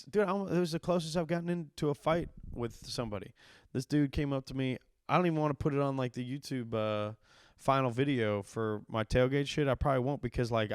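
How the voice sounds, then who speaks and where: A man in his thirties, a comedian hosting his podcast, telling a story in a casual, profane, animated way and acting out the quotes. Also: mid-range voice, clean tone, no echo, clean studio sound. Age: 30s.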